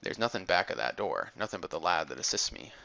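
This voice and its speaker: A man voicing a cold, drawling middle-aged Yankee shopkeeper with a high nasal drawl, in an audiobook reading on a dull lo-fi recording. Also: sing-song, fast talker, gravelly, pushed and bright, exaggerated voice. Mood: gruff. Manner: curt, terse replies.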